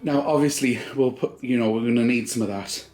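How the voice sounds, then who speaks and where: A man's voice: medium pitch, brisk, darkish tone, faint music behind. A man vlogging at home at night, chatting casually and tripping over his words with restarts. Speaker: vlogger, co-host. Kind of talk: casual chat.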